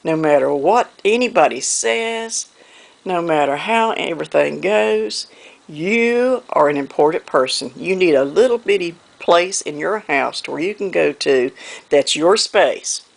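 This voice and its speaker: Southern woman with a North Carolina accent, a quilting vlogger, folksy and rambling, with a gravelly edge. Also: fairly low pitch, lively intonation, measured pace. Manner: rambling and folksy, often trailing off with "okay, anyway". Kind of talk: casual chat to camera while hand quilting.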